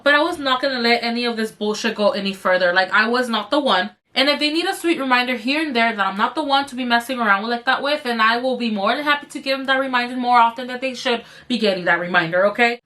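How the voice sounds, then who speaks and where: A young woman vlogger telling a workplace story while doing her makeup, animated and swearing freely, her throat slightly strained. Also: on the high side, fast talker, few pauses. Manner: animated, swearing, addresses viewers as you guys. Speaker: beauty vlogger.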